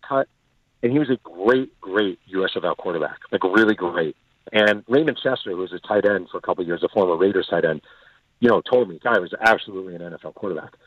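A man's voice: lowish voice, no echo. A man, the author being interviewed, telling stories with energy and acting out the quotes of the people in them. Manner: animated storyteller acting out quotes. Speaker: author and guest. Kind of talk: storytelling interview answers. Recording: tinny phone-line audio, dry.

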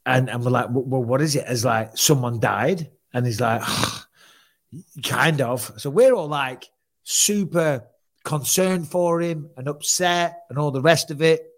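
A man's voice: mid-range voice, a little slow. Swearing man telling a story. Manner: swearing, animated retelling with quoted voices. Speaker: podcast co-host. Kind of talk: casual storytelling chat.

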